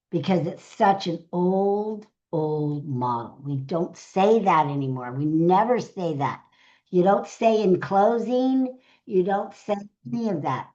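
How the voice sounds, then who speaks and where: A middle-aged woman with a low voice teaches public speaking in a slow, unhurried way. She counts off her tips, repeats each key line and checks in with her listeners. The recording is dull and lo-fi. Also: a little mellow. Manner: numbered tips, repeats key phrases, asks audience to check in. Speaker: speaker trainer. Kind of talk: live online teaching session.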